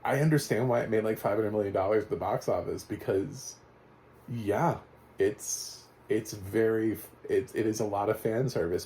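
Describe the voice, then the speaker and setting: A man giving a casual, rambling spoken movie review, chatty and quick to laugh. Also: mid-range voice, mellow, a little hiss or hum.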